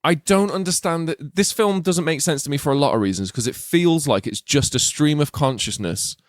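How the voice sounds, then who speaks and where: A man's voice: on the high side, moderate pace, no echo, clean studio sound. Sweary enthusiastic male podcast co-host. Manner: blunt and sweary, enthusiastic rants. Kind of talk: casual film podcast chat.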